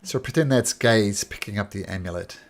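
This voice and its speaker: A man's voice: lowish voice, normal speed. A man narrating as a tabletop game master, rambling with many fillers.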